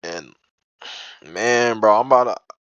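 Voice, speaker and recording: A man's voice: on the low side, slow, fairly bright tone, clean tone, no echo, highs cut off. A young man telling a personal story in a casual vlog, rambling and profane, full of "bro" and "like". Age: young adult. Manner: agitated, indignant retelling.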